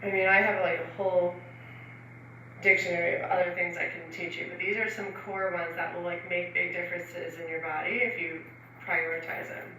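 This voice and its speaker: Chatty woman stretch coach, bright voice, heard from across an echoing room. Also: on the low side, flat delivery, moderate pace, slight background noise. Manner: chatty, laughs often, filler-heavy. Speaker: stretching instructor. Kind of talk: casual instruction. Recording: roomy echo from far off.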